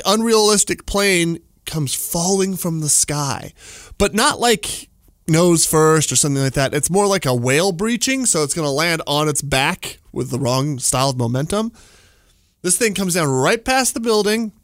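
Animated man recounting a dream. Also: a little high, dry recording, clean studio sound. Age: 40s. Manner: animated, laughing, lots of fillers. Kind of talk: casual storytelling. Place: studio.

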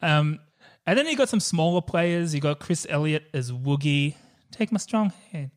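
A man co-hosts a casual movie podcast with a slightly high voice. He gushes about scenes he loves, laughs often and swears freely. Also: animated, moderate pace. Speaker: podcast co-host.

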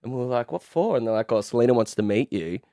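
A young Australian man, a guest in a radio studio, telling stories in a relaxed manner, often laughing. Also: medium pitch, fast talker, dry recording. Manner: laid-back, laughing storyteller. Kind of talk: casual radio chat.

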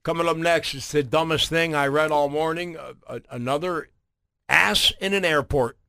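A man hosting a morning radio show, retelling stories in a chatty, animated way. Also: a little high, moderate pace, gravelly, clear, resonant tone. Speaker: radio host.

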